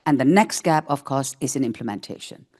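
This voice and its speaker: A woman speaking as a panelist at a conference, measured and formal. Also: extremely low pitch, lively intonation, darkish tone. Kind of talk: panel discussion remarks.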